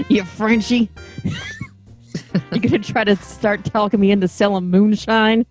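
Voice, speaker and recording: A woman's voice: mid-range voice, unhurried, a little mellow, soft background music. A woman co-hosting a podcast in casual chat, giggly and teasing, swearing freely. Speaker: podcast co-host.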